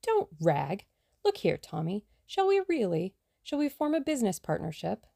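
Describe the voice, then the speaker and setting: A woman voicing a plucky, scheming young woman adventurer in a brisk, self-assured way. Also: mid-range voice, wildly swooping pitch, gravelly, warm tone, no room sound, clean studio sound, heavily acted.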